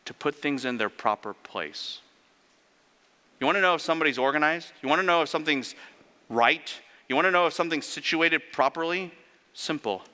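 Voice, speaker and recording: A man preaching a sermon in an animated way, firing off rhetorical questions and sarcastic asides. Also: on the high side, a little fast. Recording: long reverb of a large hall.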